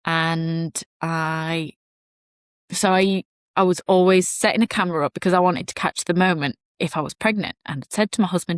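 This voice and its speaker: Young woman rambling through a personal story on her podcast, lowish voice, lots of asides. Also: normal speed, smooth, no room sound, studio quality. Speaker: podcast host.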